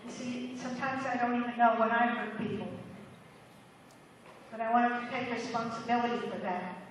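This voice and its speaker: A woman's voice: a little high, steady tone, moderate pace. A woman giving an earnest motivational speech at a school assembly, often repeating her urgings to the students. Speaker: motivational speaker. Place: large echoing hall. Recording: echoey hall, far from the mic, faint hiss.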